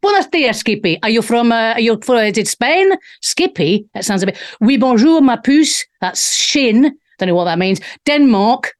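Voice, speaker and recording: A woman's voice: fairly high pitch, expressive, moderate pace, hardly any pauses. Cheeky woman hosting a live stream. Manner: cheeky, bawdy, reading out chat comments. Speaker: show host. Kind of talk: casual live-stream chat.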